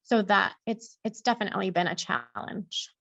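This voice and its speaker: Slow-spoken woman guest with vocal fry. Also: medium pitch, no echo, dull audio. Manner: slow, soft and thoughtful. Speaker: podcast guest, coach. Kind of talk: reflective interview talk.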